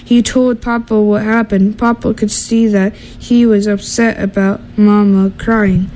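A woman reading a children's storybook aloud in a steady, gentle way, with small slips and restarts. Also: medium pitch, a little slow, few pauses, slight background noise, low-quality recording.

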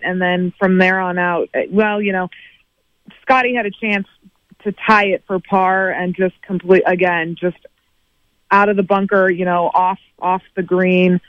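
A man's voice: sits high, no echo. A man giving a casual sports recap as a remote correspondent, chatty and full of fillers. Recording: dull lo-fi remote line.

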